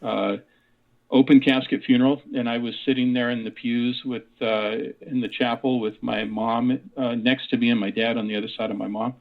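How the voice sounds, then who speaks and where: A man's voice: medium pitch, steady tone, normal speed, gravelly. A man in his sixties telling a personal story as an interview guest, rambling with many fillers and restarts. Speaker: guest, author and parapsychologist. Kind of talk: casual storytelling in a radio interview. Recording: tinny phone line.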